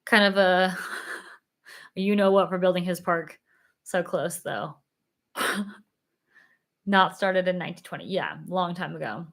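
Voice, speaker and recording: A woman's voice: lowish voice, a little slow, pauses often, fairly bright tone. A young woman chatting casually on a livestream, reading viewer comments, giggling and filling with "like", a little tired. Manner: chatty, giggly, lots of fillers. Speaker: livestream host.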